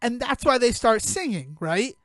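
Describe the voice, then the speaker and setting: A man co-hosting a podcast, retelling a film in a rambling, animated way and acting out the characters' lines. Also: extremely high pitch, moderate pace, no echo, studio quality. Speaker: podcast co-host. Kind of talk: casual movie review chat.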